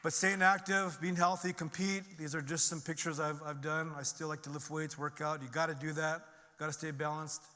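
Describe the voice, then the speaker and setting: A man's voice: flat delivery, moderate pace, bright, forceful tone. Middle-aged man on a stage, earnest emphatic testimony, ringing reverb of a large hall. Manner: earnest and emphatic, climbing in pitch and volume when stirred. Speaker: conference speaker. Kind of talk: personal recovery testimony to an audience.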